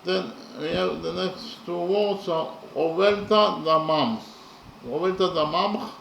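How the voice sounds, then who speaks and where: A man explaining verse slowly and methodically, counting syllables and letters aloud with many pauses. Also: high voice, gravelly, a bit bright, reverberant, a little hiss or hum, poor audio. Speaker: poetry lecturer. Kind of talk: methodical spoken analysis of verse.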